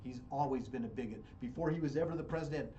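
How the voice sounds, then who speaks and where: A man's voice: mid-range voice, fast talker, warm tone, lo-fi sound, slight background noise. An American man hosting a radio show, giving fiery political commentary and repeating phrases for emphasis. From United States. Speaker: radio host.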